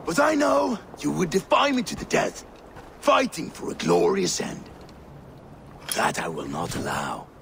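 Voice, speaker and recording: An actor playing a cruel, gloating male warlord villain in a video game, taunting his captive with slow, menacing threats. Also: fairly high pitch, wildly swooping pitch, creaky, background noise, exaggerated voice.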